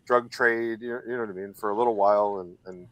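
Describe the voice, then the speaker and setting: A man on a casual live stream panel chat who talks candidly and haltingly about his life. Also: fairly low pitch, steady tone, slight background noise, low-quality recording. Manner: candid, halting personal talk.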